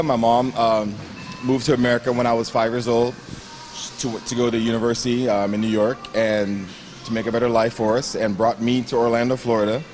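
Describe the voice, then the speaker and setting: A young man from Grenada with a Grenadian accent, a bodybuilder telling his story in a gym interview, lively and acting out the voices of the people he quotes. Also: mid-range voice, a little hiss or hum. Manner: animated storyteller who acts out quoted voices and laughs often.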